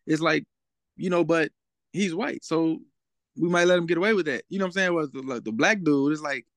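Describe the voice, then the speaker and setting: A man's voice: fairly high pitch, a little fast, fairly bright tone, dry recording. A young man as a guest in a casual interview, talking in a laid-back way and often asking "you know what I'm saying?".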